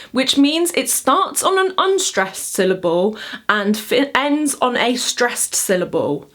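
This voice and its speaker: A woman speaking at a slow, unhurried pace as she teaches poetry to camera. Her manner is chatty and upbeat, and she counts out the beats of each rhythm as she goes. She is standing up at home while she records. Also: medium pitch, a bit bright. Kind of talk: casual explainer video.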